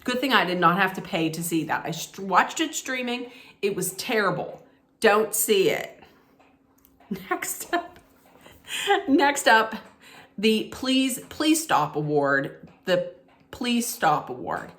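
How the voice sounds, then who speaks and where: A woman talks straight into the camera in a frank, opinionated way, handing out her own mock awards. She takes her time, speaking at an unhurried pace and often restarting her sentences. Her voice sits at a middling pitch. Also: expressive, a bit bright. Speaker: vlogger giving mock movie awards. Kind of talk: casual opinionated vlog talk.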